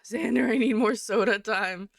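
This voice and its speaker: A woman's voice: a little high, moderate pace, creaky, dry recording, studio quality. A young woman artist chatting casually and giggling while she draws live on stream. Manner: chatty and giggly, rambling with frequent laughs. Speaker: artist livestreamer.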